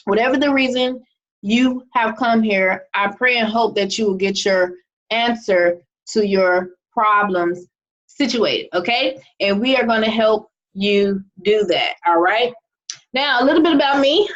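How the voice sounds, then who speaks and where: Speaking a little slowly in a slightly high voice, a young woman presents on online marketing during a video call. Her manner is casual and chatty, with frequent "okay?" check-ins, and the call audio is muffled.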